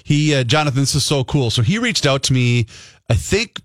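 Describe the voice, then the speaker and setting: A man's voice: mid-range voice, animated, brisk, no room sound, clean studio sound. A man hosting a casual radio talk show, chatty and rambling with many restarts. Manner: rambling, lots of restarts and fillers. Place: radio studio.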